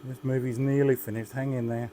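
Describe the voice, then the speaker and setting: A man's voice: medium pitch, level tone, brisk, warm tone, slight background noise. A man hosting a knife sharpening video, chatting casually and muttering to himself as he works. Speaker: knife sharpening channel host. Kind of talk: casual hands-on demonstration.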